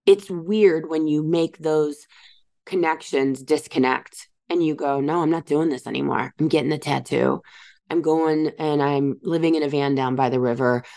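A woman's voice: fairly low pitch, a little mellow. A woman hosting a series, talking candidly and casually about boundaries and healing in a reflective monologue. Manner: candid, conversational, swears casually. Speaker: podcast host. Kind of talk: reflective self-help monologue.

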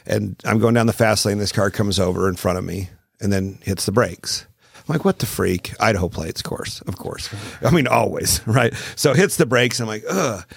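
A man's voice: fairly low pitch, moderate pace, vocal fry, husky, dry recording, clean studio sound. A man in his forties hosting a podcast, chatting casually and acting out dialogue as he tells stories. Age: 40s. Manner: animated storyteller acting out dialogue. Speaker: podcast host. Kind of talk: casual conversation.

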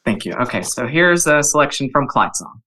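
Bright-voiced man reading his haiku. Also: mid-range voice, very animated, a little fast, low-quality recording. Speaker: podcast guest. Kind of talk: casual chat and poetry reading.

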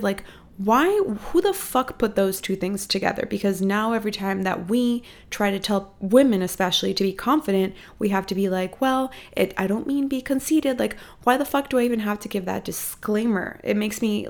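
A young woman hosting her podcast from her apartment, giving a casual, profane, animated motivational pep talk. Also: mid-range voice, vocal fry. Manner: expressive, profane, animated emphasis. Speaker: podcast host. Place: apartment room at home.

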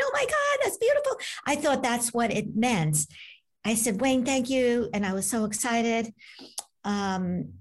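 Woman author-guest, chatty storyteller, acts out the voices. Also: medium pitch. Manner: animated, acts out voices in her stories. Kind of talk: conversational storytelling.

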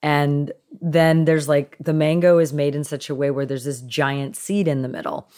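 A woman from Canada with a somewhat low voice, speaking as a guest on a talk show. She tells a story in a casual, animated way and laughs often. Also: normal speed.

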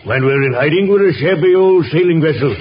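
A greedy pirate boss played by a man scoffs impatiently in a slightly high voice. The old radio drama sounds muffled, with faint hiss. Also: animated, a little fast, lightly acted. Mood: scornful. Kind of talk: 1930s radio drama acting.

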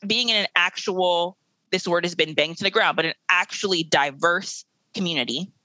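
A young woman in her late twenties, speaking as a guest in a podcast interview. She talks in a blunt, emphatic way and laughs now and then. Her voice is bright and forceful, with a dry, close sound. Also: on the low side, moderate pace, no room sound, rough recording. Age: 20s. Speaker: guest, educator.

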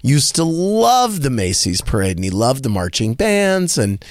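A man hosting a radio talk show, telling a story with a lively voice that swoops up and down. He talks slowly and a bit high, acting out the people he quotes. The studio sound is close and dry. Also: no room sound. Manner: animated, acts out quoted voices in a higher pitch. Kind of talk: casual storytelling chat.

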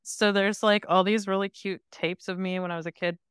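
A woman's voice: mid-range voice, steady tone, fairly quick, fairly bright tone, smooth, no room sound, studio quality. A woman on a podcast telling stories in casual chat, laughing easily.

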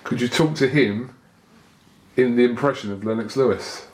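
A man's voice: medium pitch, moderate pace. A man, a podcast host, interviewing in a cheeky, jokey way. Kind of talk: casual interview banter. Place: gym. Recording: echoey room with faint noise.

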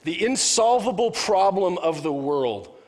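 A man's voice: high voice, animated, measured pace, in a large hall. A male pastor giving a sermon in a conversational, joking way, often restarting his sentences.

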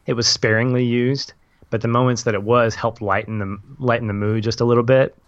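A man's voice: medium pitch, flat delivery, brisk, no room sound. A young adult man in a casual film discussion, thoughtful and rambling, laughing easily. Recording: dull lo-fi audio.

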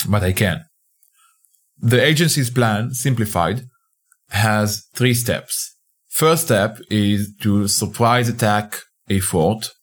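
Low-voiced man narrating hesitantly. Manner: hesitant, conversational, frequent restarts. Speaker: podcast narrator. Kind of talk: first-person fiction narration.

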